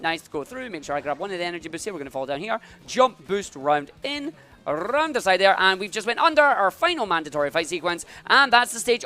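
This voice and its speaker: A man's voice: high voice, pushed and bright. A man giving upbeat live commentary as he speedruns, talking through each move as he plays.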